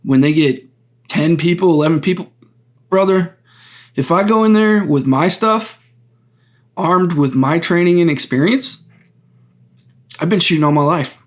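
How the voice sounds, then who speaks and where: A man hosting his own podcast, talking through a topic on his own in an earnest, deliberate way, often stopping to restart a phrase and explain step by step. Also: a little high, animated. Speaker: podcast host. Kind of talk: solo political commentary.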